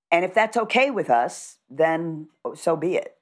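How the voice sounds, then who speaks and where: A middle-aged woman with a low, grounded voice explains how to speak with presence. She talks in a measured, instructive way, sure of what she teaches. Her delivery is calm and conversational. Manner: instructive, measured and assured, demonstrates voice techniques. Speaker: communication coach. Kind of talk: conversational podcast interview.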